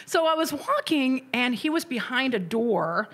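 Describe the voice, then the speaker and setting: A young adult woman, a comedian guest, telling stories in casual chat, animated and laughing often. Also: sits high, unhurried, husky. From Indiana.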